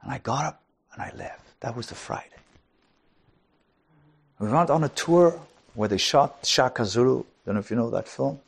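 A middle-aged man from South Africa preaching a sermon, dropping to hushed whispers and rising to loud emphatic declarations. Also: mid-range voice, expressive, moderate pace, creaky, pauses often, husky.

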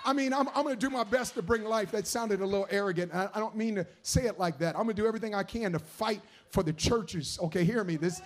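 Male preacher, high-pitched, fervent, sermon delivery that swings from hushed to shouting. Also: fast talker, hardly any pauses.

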